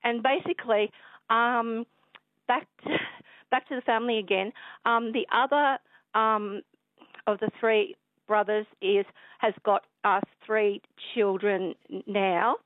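A woman's voice: mid-range voice, slow pace, no echo. Rambling Australian woman on a phone line. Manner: rambling, excitable, many fillers. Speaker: caller. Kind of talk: rambling phone call to radio. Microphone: telephone.

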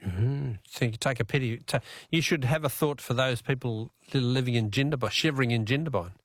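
A man's voice: mid-range voice, fairly quick, no echo. A man with an Australian accent hosting a radio quiz, chatting casually with callers in a chuckling, self-deprecating way from a studio mic. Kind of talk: casual radio talkback chat. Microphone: studio microphone.

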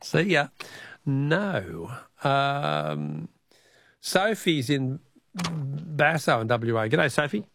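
Jovial Australian radio quiz host. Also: male voice, a little high, sing-song, drawn-out words, creaky, a bit bright. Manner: jovial, chuckling, repeats the question.

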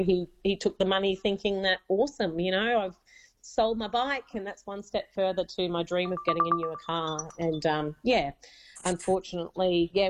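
Chatty Australian mum, slightly dull sound. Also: female voice, on the low side. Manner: chatty, many fillers, becomes emotional. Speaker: caller. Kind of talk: telling a personal story on radio.

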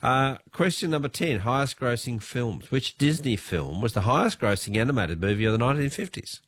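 A man's voice: mid-range voice, lively intonation, fairly quick. A man with an Australian accent hosting a talkback radio quiz, joking with callers, and he has a cold. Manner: jokey, chatty, laughs often. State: has a cold, voice lower than usual.

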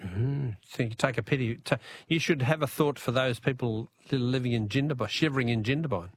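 A man's voice: medium pitch, brisk, a little hiss or hum. A man with an Australian accent hosting a talkback radio quiz, easygoing and chuckling.

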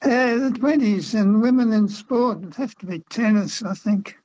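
A man's voice: high-pitched, moderate pace, a little mellow, husky, no echo. Hesitant man on a phone line. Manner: hesitant, unsure, fills with ums. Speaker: caller, quiz contestant. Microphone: telephone.

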